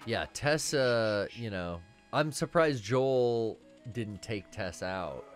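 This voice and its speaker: Male streamer, lower register, relaxed, profane, mutters mid-play, light music bed. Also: takes it slowly. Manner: laid-back, swears often, mutters to himself while playing. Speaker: stream co-host playing a video game. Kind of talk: casual gaming stream chat.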